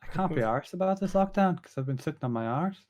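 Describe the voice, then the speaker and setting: A man's voice: a little high, expressive, quick pace, darkish tone. A young man co-hosting a casual podcast, laid-back and blunt, swearing casually. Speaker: podcast co-host. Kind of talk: casual chat.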